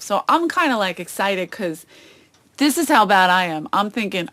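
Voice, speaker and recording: Animated woman telling stories. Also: medium pitch, normal speed. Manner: animated storytelling, acts out quoted voices. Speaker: comedian guest. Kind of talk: casual chat. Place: outdoors on a boat.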